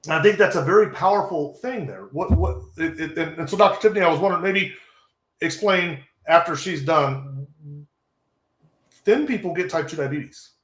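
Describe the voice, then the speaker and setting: A man's voice: on the high side, moderate pace, a bit bright, reverberant. A man co-hosting a live stream, talking in an enthusiastic, rambling way. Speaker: co-host.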